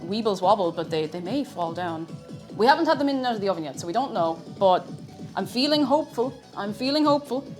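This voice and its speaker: A woman's voice: medium pitch, expressive, fast talker, soft background music. Woman baking on stream, chatty and giggly, lots of sorry sorry, voice bouncing all over the place. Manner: chatty, self-mocking, prone to giggles and flustered apologies. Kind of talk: casual live-stream chat while baking.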